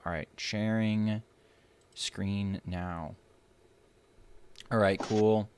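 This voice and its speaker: A man's voice: lowish voice, steady tone, extremely slow, long pauses, a little mellow, smooth. A male streamer hosting a game guide in casual banter, blunt and joking with a profane streak and frequent restarts. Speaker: streamer and host.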